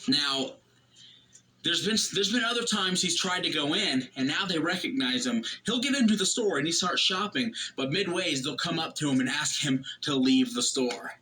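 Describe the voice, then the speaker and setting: A man casually retelling a family anecdote, lively and anecdotal. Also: a little high, normal speed, a little hiss or hum, low-quality recording. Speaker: storyteller. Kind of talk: casual storytelling.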